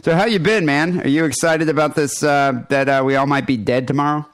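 A man's voice: fairly high pitch, fairly even intonation, fairly quick, clean tone, no room sound. Teasing male podcast host, dry sound. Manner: joking, teasing, bold. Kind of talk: casual crude chat.

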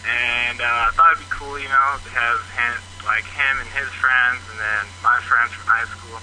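A man's voice: medium pitch, fairly even intonation, normal speed, sharp tone. A young college freshman calling in to a podcast, rambling casually about his roommate. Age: young adult. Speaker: caller. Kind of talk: voicemail call-in. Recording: noisy phone line.

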